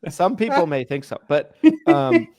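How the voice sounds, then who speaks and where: Here the podcast co-host's voice is high and a little slow, captured at studio quality without any room sound. He chats casually as an animated storyteller, voicing the people he quotes.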